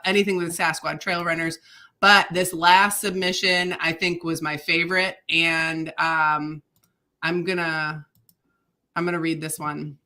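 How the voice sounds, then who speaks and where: A woman co-hosting a podcast in relaxed chat. Her voice is bright and crisp, bubbly, and she laughs easily. She fills her thoughts with ums as she goes. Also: fairly low pitch. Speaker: podcast co-host.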